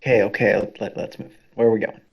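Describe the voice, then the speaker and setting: A man playing a tabletop game, jokey, with drawn-out pleading lines. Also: lowish voice, steady tone, vocal fry, muffled recording. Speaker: player.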